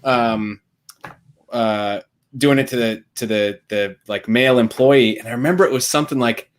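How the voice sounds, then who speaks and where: A man on a video call recalling an old job in a casual, halting, enthusiastic way. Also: medium pitch. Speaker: co-host on live vinyl chat. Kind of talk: casual chat on a live stream.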